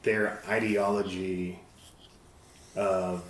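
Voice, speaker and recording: A man speaking as a guest in a casual podcast discussion, thoughtful and halting with frequent restarts. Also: deep voice, little pitch movement. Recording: roomy echo with faint noise.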